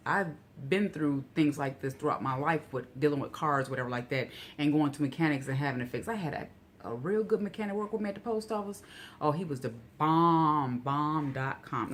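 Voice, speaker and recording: A woman vlogger telling a rambling, casual story full of "you know" asides, getting animated and incredulous when outraged. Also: deep voice.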